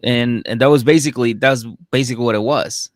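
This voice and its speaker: Male podcast co-host, middle pitch, dry close mic, animated storyteller who swears casually. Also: fast talker, dry recording.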